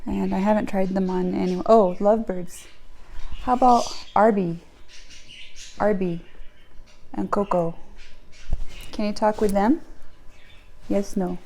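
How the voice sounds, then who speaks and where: A woman's voice: medium pitch, steady tone, mellow. A woman chatting casually with her pet parrot, asking patient, repeated questions. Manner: patient, questioning, slow and repetitive. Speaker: parrot owner.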